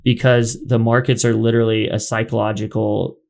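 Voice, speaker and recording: A man's voice: fairly low pitch, level tone, brisk, creaky, darkish tone. A man hosting a podcast in casual chat, rambling with lots of fillers. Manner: rambling, filler-heavy, chatty. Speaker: podcast host.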